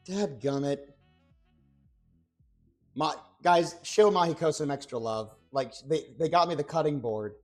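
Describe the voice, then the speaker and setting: Excitable young man cooking on stream. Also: a little high, measured pace, pauses often. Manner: chatty, rambling, excitable, with playful exclamations. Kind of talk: casual cooking livestream chat. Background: faint background music.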